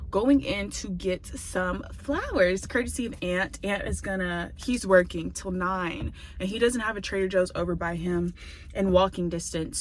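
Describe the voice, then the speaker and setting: A woman's voice: fairly low pitch, fairly bright tone, slight background noise. A woman chatting casually to camera in a vlog, rambling and repeating herself. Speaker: vlogger. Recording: roomy echo with faint ambience.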